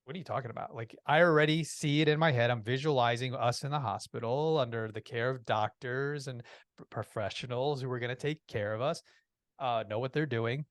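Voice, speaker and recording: A man telling a personal story as a podcast guest, in a lively way, with frequent restarts. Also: medium pitch, normal speed, no room sound, studio quality. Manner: lively, acts out quoted voices, restarts often.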